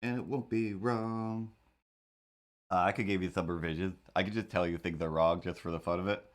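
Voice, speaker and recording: Wry, rambling low-voiced man. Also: steady tone, fast. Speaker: cartoonist streamer. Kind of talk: casual chat while drawing.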